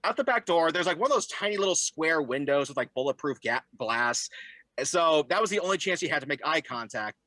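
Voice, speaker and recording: An animated young man as an interview guest, spinning stories and leaping into high, squeaky voices whenever he quotes someone. His voice is bright and pushed, sitting a little high, and it comes through dry and close. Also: fairly quick, no echo. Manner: animated, jumps into high voices when quoting people. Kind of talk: storytelling in a casual interview.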